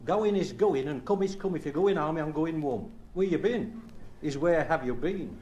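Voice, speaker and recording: A man's voice: on the high side, animated, moderate pace, warm tone. A man with a Black Country accent, a comedian reciting rhymes and telling stories in a chatty way. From Black Country, England. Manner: rhyming dialect recitation; chatty storytelling. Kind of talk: stand-up recitation and anecdote.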